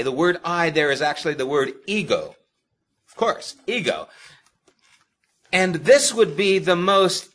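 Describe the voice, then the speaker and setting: A man preaching a sermon, addressing the congregation directly with emphatic, expressive delivery and sharp swings in loudness. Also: fairly high pitch. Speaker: pastor.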